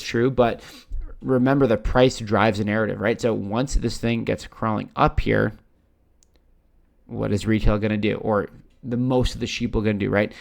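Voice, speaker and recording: Over a screen share, a crypto-channel host with a Canadian accent keeps up casual, chatty commentary in a fairly low, gravelly voice at a moderate pace. "Right?" follows nearly everything he says, and he swears now and then.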